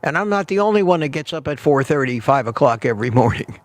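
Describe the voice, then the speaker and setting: A man's voice: fairly high pitch, expressive, fast, dry recording. A man hosting a casual morning livestream outdoors in the cold, greeting viewers by name and often repeating himself. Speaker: livestream host.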